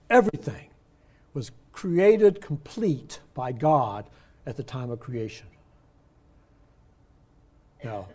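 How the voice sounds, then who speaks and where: A man's voice: medium pitch, a little mellow. Older man teaching a Bible class. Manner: conversational, explains words slowly with emphasis. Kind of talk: Bible study lesson.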